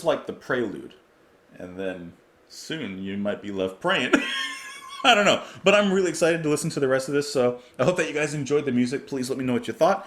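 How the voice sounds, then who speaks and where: Male reaction host, excitable and chatty, voice rises and falls a lot, laughs easily. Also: mid-range voice. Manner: excitable, enthusiastic, laughs often. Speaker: music reaction video host. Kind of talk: casual reaction commentary.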